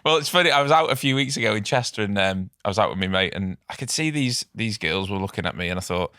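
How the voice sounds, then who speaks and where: A man hosting a casual chat show, telling animated stories with laughter and some swearing. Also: lowish voice, very fast, few pauses, no echo, studio quality. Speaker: podcast host.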